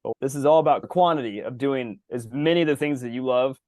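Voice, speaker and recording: A man co-hosting a podcast in casual chat over a video call. He gets animated, swears freely and acts out exaggerated reactions. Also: mid-range voice, quick pace, dry recording. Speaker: podcast co-host.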